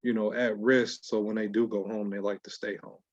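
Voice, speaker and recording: A man's voice: lowish voice, level tone, moderate pace, dry recording. A man co-hosting a casual podcast chat, laid-back and peppering his talk with "you know.". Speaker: podcast co-host. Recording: dry, dull lo-fi sound.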